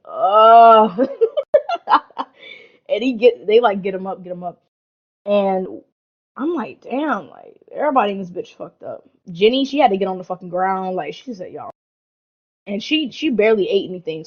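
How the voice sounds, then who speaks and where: Young woman cussing her way through a crazy story on a podcast, kinda muffled lo-fi audio. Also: mid-range voice. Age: young adult. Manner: animated, slangy, heavy swearing, lots of "like" and "bro". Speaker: podcast co-host. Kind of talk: casual storytelling chat.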